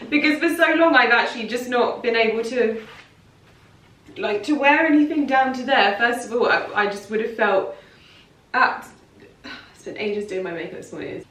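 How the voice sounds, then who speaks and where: Chatty English woman, higher voice, emotional haul vlogger; distant mic, echoey room. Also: moderate pace, long pauses, fairly bright tone. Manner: gushing, chatty and emotional, with frequent laughs. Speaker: fashion vlogger. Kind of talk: casual try-on haul chat. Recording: roomy, off-mic sound with faint background noise.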